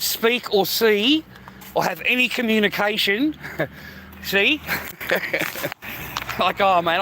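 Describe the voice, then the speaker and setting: A man's voice: high-pitched, bright, forceful tone, a little hiss or hum, low-quality recording. A man talking unscripted on his livestream, ranting emphatically and repeating himself, often tossing in "mate" and "man". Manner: peppers speech with "mate" and "man". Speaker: livestream host.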